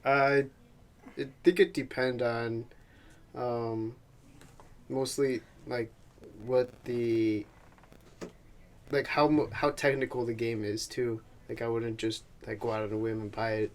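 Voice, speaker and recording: A man's voice: medium pitch, level tone, slow pace, pauses often. A man appearing as a guest on a casual chat, hesitant and searching for words.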